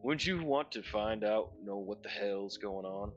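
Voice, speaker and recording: A man's voice: fairly low pitch, unhurried, muffled recording, faint music behind, natural voice. A man voicing a sinister, theatrical clown showman who calls himself a Duke of Hell, mocking and threatening. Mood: menacing.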